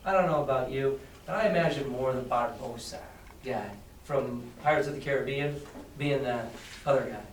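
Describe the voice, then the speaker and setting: High-voiced man reading to a class. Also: a little hiss or hum. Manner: casual, chatty, asks the class questions. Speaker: teacher. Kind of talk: reading a novel aloud and explaining it to a class. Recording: echoey room, far from mic.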